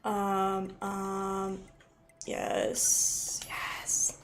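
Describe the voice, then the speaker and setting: A woman's voice: medium pitch, level tone, extremely slow, slight background noise. A young woman chatting and giggling as she plays through a video game on a livestream. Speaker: streamer. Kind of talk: casual gameplay livestream.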